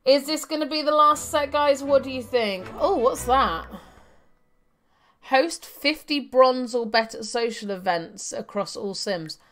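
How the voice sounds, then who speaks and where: A woman's voice: sits high, measured pace, fairly bright tone. A young adult woman giving chatty live gameplay commentary, thinking aloud with fillers and laughing often. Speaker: game streamer.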